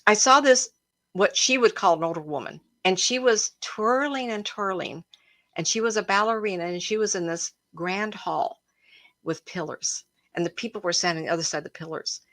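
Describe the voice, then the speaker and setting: A woman psychic medium hosting a livestream, telling stories in an emotional, animated way and often breaking into laughter. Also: mid-range voice, moderate pace. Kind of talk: casual livestream storytelling.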